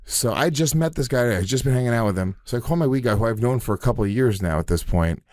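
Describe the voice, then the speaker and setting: A man's voice: mid-range voice, lively intonation, fast talker, darkish tone, no room sound, studio quality. A man co-hosting a podcast, telling stories in a laid-back, swearing, casual chat. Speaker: podcast co-host, comedian.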